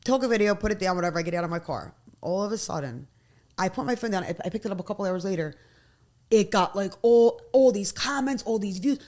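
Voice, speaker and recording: A woman from South Philadelphia with a Philadelphia accent, a guest telling stories in casual interview chat, animated and swearing freely. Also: medium pitch, fast talker. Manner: animated storyteller who swears freely and acts out quotes.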